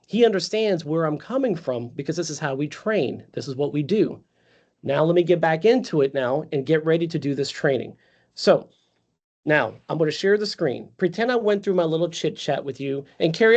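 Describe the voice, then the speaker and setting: A man with a fairly high pitch and darkish tone leads a live virtual sales training, talking conversationally and calling on trainees by name. It comes through lo-fi video call audio.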